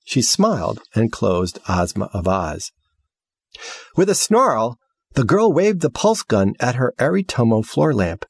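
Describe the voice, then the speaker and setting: A man narrating a story as an audiobook reader, with measured, expressive delivery. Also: mid-range voice, creaky, husky, no echo. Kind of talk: scripted narration.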